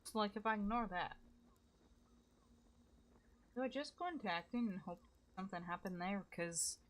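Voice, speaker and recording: A young woman with a mid-range voice talks at normal speed while playing a video game. As a gaming streamer giving casual let's-play commentary, she's chatty and self-deprecating, swearing now and then.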